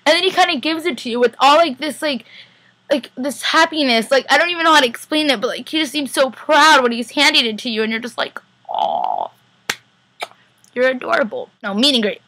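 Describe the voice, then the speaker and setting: A young woman vlogger telling a story in a fast, excited, casual way. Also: sits high, no room sound, poor audio. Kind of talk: casual chat.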